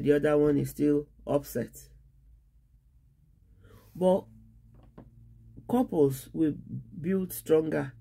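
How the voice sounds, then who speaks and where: Woman pastor preaching, gravelly fry in her voice, slow repetitive emphasis. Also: low-pitched, warm tone. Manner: earnest, repetitive preaching cadence with measured pauses. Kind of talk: sermon on marriage.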